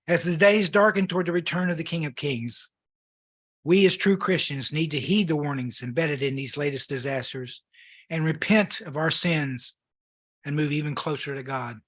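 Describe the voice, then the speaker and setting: A man preaching a sermon, reading scripture in an earnest, measured way while losing his voice. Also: on the high side, a bit bright.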